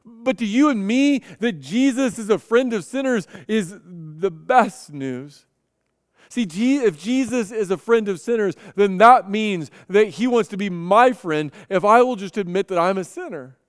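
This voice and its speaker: A man's voice: sits high, lively intonation, measured pace, clear, resonant tone, no room sound, studio quality, long reverb tail. A man preaching a sermon, telling stories earnestly and often repeating his first word as he goes. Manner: earnest storytelling with frequent repeated starts. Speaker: pastor.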